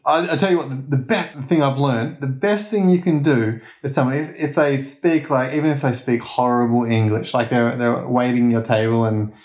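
A man's voice: medium pitch, fairly even intonation, normal speed, hardly any pauses, a little mellow. Australian male guest, rambling casual chat, lots of laughter; echoey, lo-fi recording. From Perth, Australia. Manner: rambling, laughs often, self-mocking. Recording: echoey, dull lo-fi sound.

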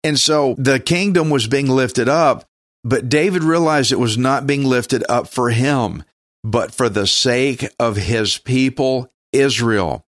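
A man's voice: medium pitch, takes it slowly, fairly bright tone, dry recording, studio quality. A man from Texas with a Texan accent, teaching the Bible on a radio show in a casual, folksy, joking way, sometimes stumbling over names.

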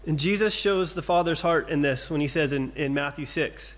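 Middle-aged guy preaching, slightly high voice, slow calm reassuring pauses, long echo in the hall. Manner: gentle, reassuring, with slow deliberate pauses and repeated phrases. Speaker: pastor. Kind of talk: sermon.

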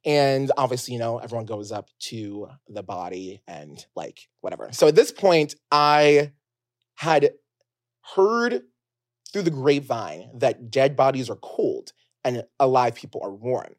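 A man hosting a podcast, telling a personal story in a chatty, filler-heavy way, swinging between loud bursts and hushed asides. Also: mid-range voice, lively intonation, a little slow. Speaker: podcast host. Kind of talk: casual storytelling monologue.

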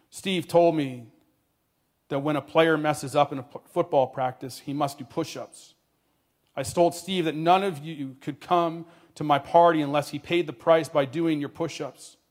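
A man voicing a solemn, gentle male college professor who talks softly and gravely, slowing down on key words. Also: on the high side, steady tone, lightly acted. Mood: earnest.

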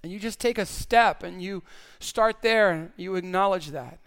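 A man's voice: sits high, normal speed, fairly bright tone, smooth. A male pastor preaching a sermon in an earnest way, often repeating words as he stresses a point.

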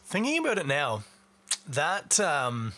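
A man's voice: a little high, huge pitch swings, takes it slowly, bright, forceful tone. A middle-aged man from Canada hosting a beer podcast in a chatty, wry, rambling way. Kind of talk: casual beer review chat.

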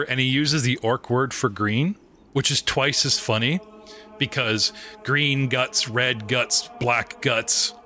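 A man narrating a tabletop game as game master, animated and joking, often breaking into laughs. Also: medium pitch, slow, soft background music.

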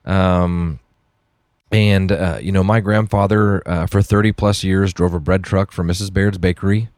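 A middle-aged man from Texas, a chef telling an earnest, animated story to an audience, with many fillers and restarts. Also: sits low, unhurried, no echo, studio quality. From Dallas, Texas. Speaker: chef giving a talk.

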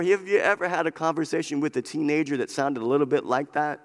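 Pastor guy preaching hard, kinda high voice, repeats lines a lot, big echoey church sound. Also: fast, few pauses. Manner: impassioned preaching with heavy repetition. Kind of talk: sermon. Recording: long hall reverb.

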